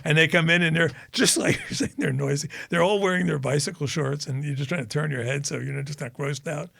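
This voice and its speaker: A man's voice: on the high side, a little fast, gravelly, fairly bright tone, no echo, clean studio sound. A man co-hosting a podcast, chatting casually and telling rambling anecdotes while laughing at his own jokes. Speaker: podcast co-host. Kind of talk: casual chat.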